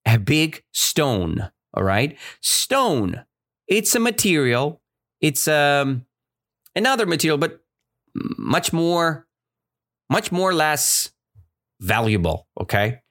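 A woman, reading and explaining a story to learners, with a rising voice when she quotes the characters. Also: deep voice. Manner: slow, lively, rising voice for quoted lines. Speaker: teacher.

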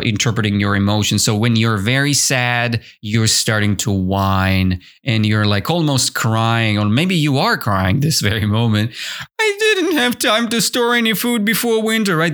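A man with a fairly low, clear, resonant voice teaches English on a podcast, walking through a story for his listeners. He's animated and repetitive, stopping regularly to ask them questions.

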